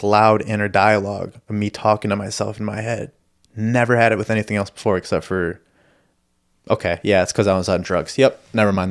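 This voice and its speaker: A young man with a lowish voice tells stories in a loose, rambling monologue. He swears freely and pokes fun at himself as he goes. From Michigan. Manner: profane, rambling, self-deprecating. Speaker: podcast host. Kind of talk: casual storytelling monologue.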